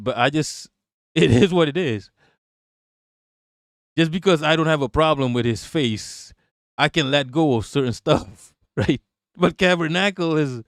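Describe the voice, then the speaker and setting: A man's voice: fairly high pitch, a bit bright, dry recording, studio quality. A man doing casual live-stream political talk and reading chat. He is blunt and profane, laughs often, and repeats himself.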